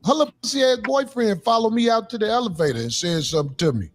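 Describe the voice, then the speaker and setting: A man ranting loudly and profanely in a sing-song way, talking with his podcast co-hosts. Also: sits high, lively intonation, quick pace. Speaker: comedian. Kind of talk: angry rant.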